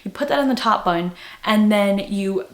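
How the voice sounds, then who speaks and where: A woman's voice: mid-range voice, normal speed. A young woman chatting casually in a vlog, rambling with lots of filler words. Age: young adult. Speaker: booktuber. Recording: echoey room.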